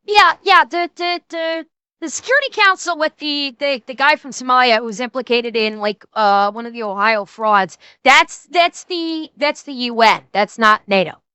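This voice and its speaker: A woman streamer reacting live, chatty and excitable, tripping over restarts, on a close mic. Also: high voice, normal speed, clear, resonant tone, no room sound.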